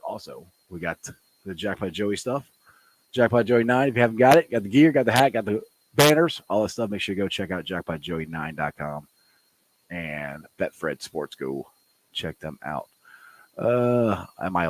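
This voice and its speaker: A man hosting a live sports podcast, talking loudly and excitably with frequent laughs. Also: lowish voice, slight background noise, low-quality recording. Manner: loud and excitable, laughs often. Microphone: desktop mic set too close.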